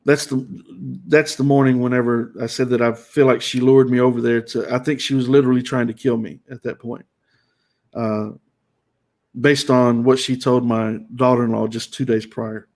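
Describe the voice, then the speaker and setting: A middle-aged man speaking in an earnest, emphatic way, often repeating himself and restarting his phrases as he tells his own story. His voice sits at an ordinary middle pitch for a man. He sounds like a host talking straight to his audience on a live stream. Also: little pitch movement, moderate pace, a little mellow. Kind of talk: personal testimony on a live stream.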